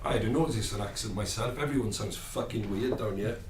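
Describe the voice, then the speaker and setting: A man's voice: on the low side, a little fast, heavy background noise, lightly acted. A man playing a sardonic foul-mouthed Welshman. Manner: sardonic, swearing, wry asides. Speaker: actor performing a monologue. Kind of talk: stage monologue. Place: rehearsal room. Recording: roomy, distant mic.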